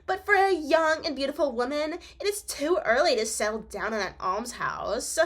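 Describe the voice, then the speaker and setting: A woman's voice: high voice, animated, moderate pace, fairly bright tone, pitched above the performer's own voice. A woman voicing a catty young society princess in a sneering mean-girl tone, in a read-aloud novel. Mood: mocking.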